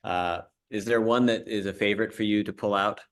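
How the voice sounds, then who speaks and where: A man hosting a livestream interview with cast members, talking haltingly with many fillers and restarts. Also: fairly low pitch, fairly even intonation.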